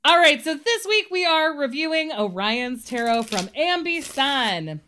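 A woman's voice: high-pitched, sing-song, measured pace, sharp tone, slight background noise. A woman co-hosting a podcast, chatting in a casual, upbeat way and often laughing. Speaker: podcast co-host. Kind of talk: casual chat.

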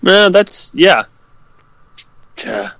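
A man joking with his co-host on a casual podcast, quick to laugh and tease. His voice sits a little high with a bright, forward tone, and his pitch moves a lot. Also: sing-song, no room sound. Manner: laughs often, teasing, joking banter. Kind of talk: casual chat.

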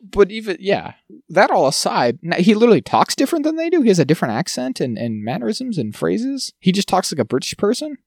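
This is a man co-hosting a casual podcast, with a voice that swings widely in pitch. He rants with exasperation and jumps sharply upward on his complaints. The recording is dry and close, with no room sound. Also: huge pitch swings, fast talker, gravelly, a little mellow, no room sound. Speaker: podcast co-host. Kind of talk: casual chat.

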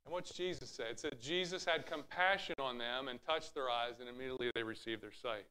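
A man's voice: mid-range voice, a little fast, pushed and bright, smooth. A man preaching a sermon, teaching from scripture with rhetorical questions and acting out Bible scenes in raised voices. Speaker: pastor.

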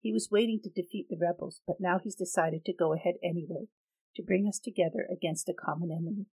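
Soft sad forgiving mom, woman reading, lowish quiet voice, audiobook. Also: steady tone, fast talker, husky, dry recording, low-quality recording. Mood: earnest. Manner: soft, gentle, sorrowful. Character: gentle older mother, forgiving and sorrowful.

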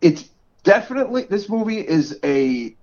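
A man's voice: sits high, sing-song, moderate pace, darkish tone. A man in his forties with a New York area accent, co-hosting a podcast in casual chat and laughing often. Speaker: podcast co-host. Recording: dull lo-fi podcast audio.

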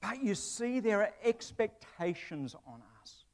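A man's voice: high-pitched, sing-song, a little slow. A man preaching a sermon to his church in a conversational way, with asides and humor. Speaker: pastor; broadcast presenter.

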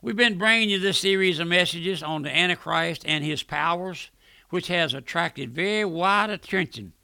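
A man's voice: high-pitched, normal speed, gravelly, pushed and bright, smooth, no room sound. An older man preaching a folksy, earnest radio sermon from a studio.

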